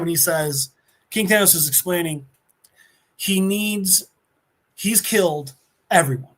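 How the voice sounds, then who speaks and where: A man's voice: on the high side, measured pace. A man co-hosting a podcast, animatedly recapping a comic book in a casual way, often slipping into character voices. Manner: animated storyteller, slips into voices. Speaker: podcast co-host.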